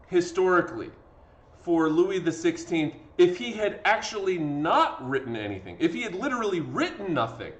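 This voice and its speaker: A man, a history teacher giving a casual lecture over a video lesson, tired from talking, with lots of fillers and acted-out quotes. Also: sits high. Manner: conversational, acts out quotes with fillers. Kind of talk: classroom lecture.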